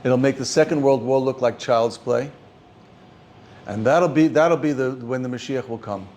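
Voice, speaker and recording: An older man, teaching an informal class as a rabbi, halting and repeating words as he speaks. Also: mid-range voice, slight background noise. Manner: halting, repeats words often, animated when stressing points. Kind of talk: informal Torah class talk.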